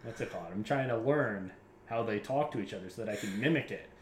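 A man's voice: fairly low pitch, fast talker, a little hiss or hum. A man from Maryland co-hosting a film podcast, joking around and riffing on absurd bits in casual chat. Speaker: podcast co-host. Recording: roomy echo.

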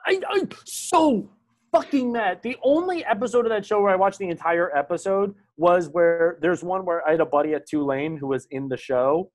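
A man in his thirties co-hosting a podcast in casual chat, animated, swearing a lot and full of fillers. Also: fairly high pitch, brisk, hardly any pauses. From Maryland, USA. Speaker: podcast co-host.

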